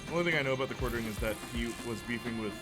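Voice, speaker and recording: A young man narrating his own gameplay in a loose, rambling way, with an ordinary middle-pitched voice. He laughs easily and drifts between thoughts as he plays. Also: racing, loud music behind the voice. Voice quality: chatty, laughs a lot, trails off mid-thought. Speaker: gameplay commentator. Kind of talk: casual let's-play chat.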